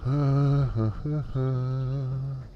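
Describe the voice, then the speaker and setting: A man running a tabletop game, talking through a voice changer that lowers his voice, halting and clearing his throat. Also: fairly even intonation, lo-fi sound, slight background noise. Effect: pitch-lowering voice changer. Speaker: game master. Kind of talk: casual tabletop game chat.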